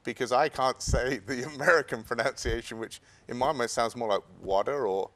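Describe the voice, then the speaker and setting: A man's voice: medium pitch, moderate pace, a bit bright. A man with an English accent, a guest in an interview, talking hesitantly with many stammered restarts. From England. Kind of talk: interview conversation.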